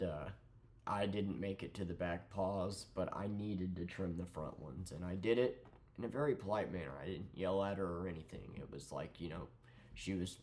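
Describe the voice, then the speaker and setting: A young man with a lowish voice tells an angry storytime rant. He swears freely and drips with sarcasm. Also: a little hiss or hum. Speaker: vlogger. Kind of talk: ranting storytime.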